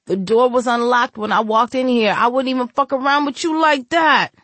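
A woman voicing a frightened young male intruder in a storybook, pleading in a shaky, high voice. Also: moderate pace, a bit bright, dry recording, close to an everyday voice.

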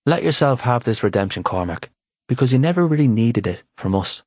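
A man voicing a calm, wise older brother in an audiobook, measured and gentle. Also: mid-range voice, dry recording, clean studio sound, pitched above the performer's own voice, close to an everyday voice. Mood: reassuring.

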